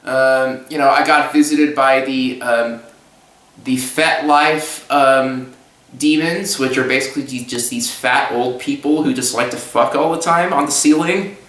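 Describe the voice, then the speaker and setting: A young man tells a rambling story in a casual, halting way, restarting his sentences often. His voice has a bright edge. He sounds a little away from the mic, in a roomy, echoey space. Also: mid-range voice, steady tone, distant mic. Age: young adult. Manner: halting, restarts, breaks into silly voices and laughs. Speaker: storyteller recounting a trip.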